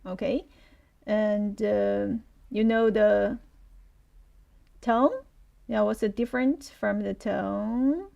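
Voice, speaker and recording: Slow, gravelly Chinese-accented woman teacher. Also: mid-range voice, fairly even intonation, dark tone, highs cut off. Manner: slow, patient, repeats words for learners. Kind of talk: live online language lesson.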